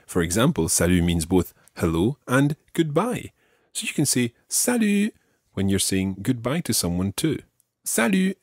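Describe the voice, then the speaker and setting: Male podcast teacher, patient and methodical, lively intonation, dry close mic. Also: medium pitch, unhurried, no echo. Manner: patient, explains step by step and models pronunciation. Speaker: language teacher. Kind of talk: podcast language lesson.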